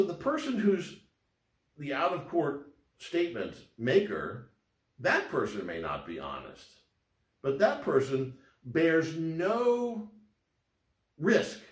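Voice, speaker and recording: A man giving a law lecture in a conversational way, often repeating words and restarting his sentences as he explains. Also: mid-range voice. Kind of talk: recorded lecture. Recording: roomy echo.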